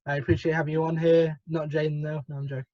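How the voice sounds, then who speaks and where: A man's voice: fairly high pitch, level tone, quick pace, dry recording, muffled recording. A teenage boy from the UK hosting a casual podcast over a video call, laughing often, his voice cracking upward now and then. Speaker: podcast host.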